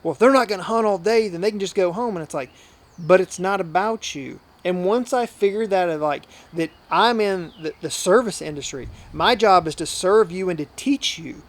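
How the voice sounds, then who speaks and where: A man with a notably high speaking voice talks through his years as a hunting outfitter and guide. He is earnest and chatty, and he keeps slipping into the voices of the people in his stories. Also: normal speed. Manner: earnest, talkative, often acts out quoted dialogue. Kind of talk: casual storytelling in a podcast interview.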